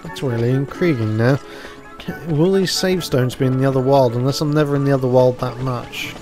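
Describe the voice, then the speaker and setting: A man's voice: medium pitch, brisk, music in the background. A man hosting a let's play, casually thinking aloud about what to do next in the game. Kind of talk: casual gameplay commentary.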